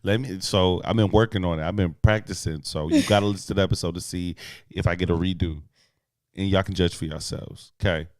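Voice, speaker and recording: A man's voice: low-pitched, steady tone, a little fast, dry recording, clean studio sound. A man co-hosting a podcast live, chatting casually and playfully with viewers. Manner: playful, laughs often, addresses viewers as y'all. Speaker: podcast co-host. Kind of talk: casual live-stream chat.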